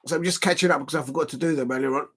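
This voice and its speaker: A man hosting a casual live football watch-along, chatty and excitable, counting exercise reps between remarks and shouting at big moments. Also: on the high side, racing, husky. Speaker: livestream watch-along host.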